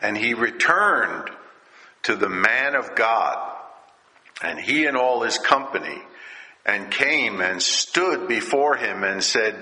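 Man preacher, unhurried sermon delivery with fillers, bright edgy tone, recorded in a reverberant hall. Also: on the low side, lively intonation. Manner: slow, drawn-out delivery with fillers, raising his voice for quoted characters. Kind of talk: sermon, reading and explaining scripture. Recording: roomy hall with long reverb.

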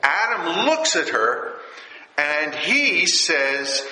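Slow, bright-voiced preacher man. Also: medium pitch, lively intonation. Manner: rhetorical, keeps asking "all right?". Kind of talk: sermon teaching. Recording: echoey room.

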